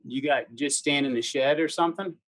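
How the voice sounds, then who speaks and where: A man's voice: on the high side, fairly quick, a bit bright, dry recording. A man hosting a casual interview over a remote call, asking short questions. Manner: brief questions. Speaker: host.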